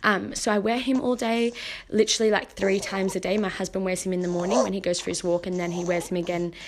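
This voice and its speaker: A young adult woman, a mother hosting a podcast, talking casually and earnestly with lots of "um" and "like", warmly encouraging. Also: mid-range voice, level tone, quick pace, background noise. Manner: earnest and encouraging, many fillers like "um" and "like". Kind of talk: casual heartfelt talk.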